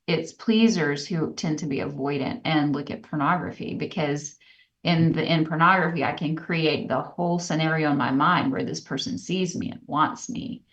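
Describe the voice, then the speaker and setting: Woman podcast co-host, earnest storyteller, lower-pitched, muffled and distant-sounding audio. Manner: earnest, reflective, animated when retelling stories. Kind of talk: candid personal storytelling.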